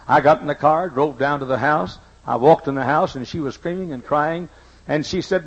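A man's voice: fairly high pitch, normal speed, slightly rough, lo-fi sound. An older man preaching a sermon, telling stories emphatically and repeating his key lines, with folksy asides. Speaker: pastor. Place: church sanctuary.

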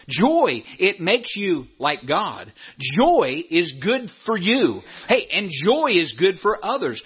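Animated husky-voiced preacher. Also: male voice, sits high, lo-fi sound. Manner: animated preaching with repeated phrases and rhetorical questions. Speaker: pastor. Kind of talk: sermon. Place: church sanctuary.

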